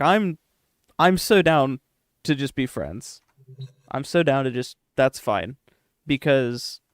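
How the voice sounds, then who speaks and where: Profane, joking young streamer. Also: male voice, medium pitch, dry recording. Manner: profane, joking, talks to chat. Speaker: game streamer. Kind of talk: casual live-stream chat.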